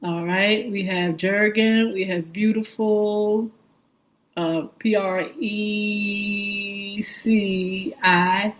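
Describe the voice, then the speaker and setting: Slow-talking woman host greeting viewers. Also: mid-range voice, lo-fi sound. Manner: slow, friendly, spelling out usernames and greeting viewers one by one. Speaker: radio and livestream show host. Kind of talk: live-stream viewer shout-outs.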